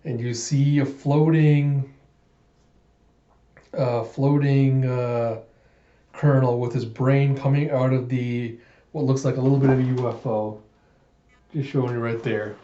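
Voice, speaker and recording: Brief: man, casual comic readthrough, mellow voice, roomy slightly muffled recording. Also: medium pitch, a little slow, pauses often. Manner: casual, excitable, laughs often. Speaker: comic reader.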